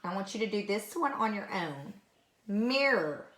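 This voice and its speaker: A woman teacher speaks slowly and patiently, repeating each word for young pupils in a recorded phonics lesson. Her voice is bright and clear. She keeps an unhurried pace. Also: mid-range voice, animated. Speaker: third grade teacher.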